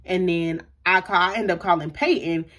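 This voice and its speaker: A young adult vlogger speaks at normal speed, her lowish voice fairly bright. She recounts a personal story in a loose, chatty way, using lots of fillers and acting out others' words.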